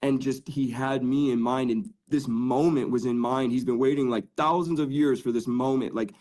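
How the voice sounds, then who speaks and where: A man in the middle of his own faith testimony, speaking earnestly as a podcast guest. His tone is casual and loose, full of "dude" and "like". His voice sits at an ordinary middle pitch. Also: fairly even intonation, moderate pace, a little mellow.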